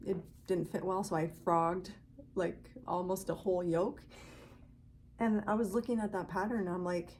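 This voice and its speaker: A woman's voice: mid-range voice, a little mellow, slight background noise. A woman hosting a knitting podcast, chatting casually to viewers in a gushing, grateful way.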